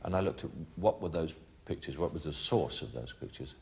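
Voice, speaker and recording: A man's voice: rumbling low, expressive, fairly quick, a little mellow. A man answering an interview, musing aloud with stops and restarts.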